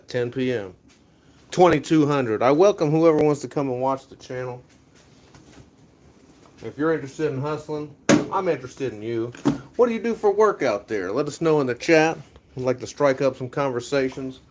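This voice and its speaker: Sorting tools in his garage, a young livestreaming vlogger from the USA talks casually with his viewers and delivers loose, cheerful pep talks. His voice is mid-range, with a little hiss or hum in the audio.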